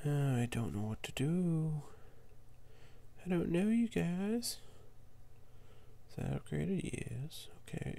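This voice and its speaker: A man giving casual commentary on his own strategy match, muttering to himself and jumping to high, exasperated yelps when things go wrong. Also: gravelly, mellow.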